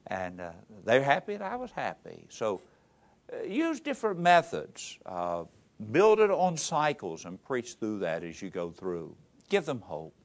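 A middle-aged man, a pastor teaching a class in a folksy, animated storytelling manner. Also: mid-range voice, a little slow. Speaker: pastor teaching ministry students. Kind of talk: lecture with folksy anecdotes.

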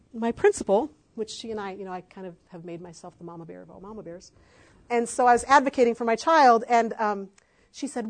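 A middle-aged woman, an adoptive mother, speaking with passion and emphasis in a faith-based talk to parents, with frequent fillers. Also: a little high.

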